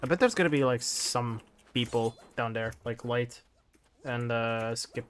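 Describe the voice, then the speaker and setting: A man streaming a game live, chatting to viewers with frequent laughter and excitable outbursts. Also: mid-range voice, measured pace, soft background music. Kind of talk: live gameplay commentary.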